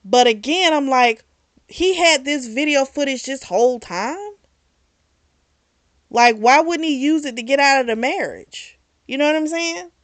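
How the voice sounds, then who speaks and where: A woman's voice: high-pitched, a little slow, dry recording. A woman hosting a book club channel, walking viewers through the plot in an easygoing chat. She takes her time and stops to react to twists along the way. Her voice sounds close and dry, with no room around it. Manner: chatty, retells scenes with lively asides. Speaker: book club vlog host. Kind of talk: casual book recap.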